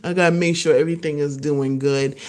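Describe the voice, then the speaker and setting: A woman hosting her own podcast, chatting casually and excitedly to live viewers, laughing often and acting out what others said. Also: sits low, a little fast. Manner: animated, laughing, acts out voices of others. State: excited and a little nervous. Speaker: podcast host. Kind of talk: casual solo livestream chat.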